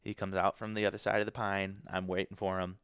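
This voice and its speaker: A young man tells a hunting story in a loose, rambling way, circling back with fillers and restarts. His voice sits a little low, and the sound is dry and close, as if recorded on a podcast mic in a small quiet room. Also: little pitch movement, quick pace, clean tone, no echo. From Michigan. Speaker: guest telling a hunting story. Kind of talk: casual storytelling.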